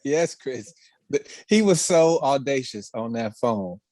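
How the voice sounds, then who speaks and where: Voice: mid-range voice, expressive, measured pace, a little mellow, no echo. A podcast guest in casual chat, laughing a lot and egging on the storyteller.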